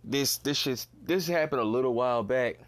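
A man's voice: mid-range voice, normal speed. A young man hosting a casual solo podcast, ranting bluntly, swearing and repeating himself in disbelief. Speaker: podcast host.

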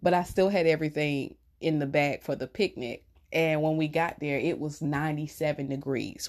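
A woman's voice: low voice, steady tone, moderate pace, hardly any pauses. A middle-aged woman chatting casually to viewers, telling stories with laughter. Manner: chatty, warm storytelling with laughs. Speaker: vlogger.

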